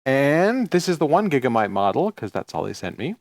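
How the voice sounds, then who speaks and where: A man's voice: medium pitch, brisk, dry recording. A man co-hosts a casual technology show, his speech swinging widely up and down as he rants and jokes. He sounds close and dry, with no room around him. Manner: lively, ranting, joking. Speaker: co-host of a tech show. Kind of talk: casual tech show banter.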